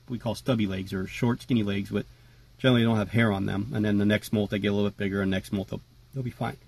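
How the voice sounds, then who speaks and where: A man talking casually to camera about his tarantulas, relaxed and chatty with lots of fillers. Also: fairly low pitch, vocal fry, slightly rough. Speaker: tarantula keeper vlogger. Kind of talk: casual rambling vlog.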